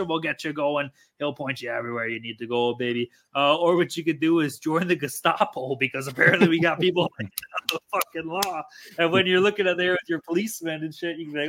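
Brash podcast co-host, fast and bright-voiced, excitable. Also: male voice, on the high side. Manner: brash, excitable, swears freely. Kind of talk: casual sports betting podcast chat.

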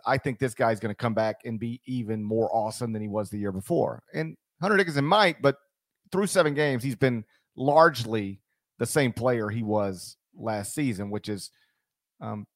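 A man's voice: medium pitch, no echo. A man hosting a sports podcast, talking casually and animatedly with frequent ums. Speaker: podcast host.

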